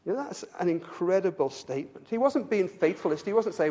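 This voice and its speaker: A man's voice: very animated, fairly quick, mellow, a little hiss or hum. An English man preaching a sermon to his congregation, earnest, repeating words as he builds to his point. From England. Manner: earnest, repeats words when stirred, pitch rises with fervor. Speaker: pastor.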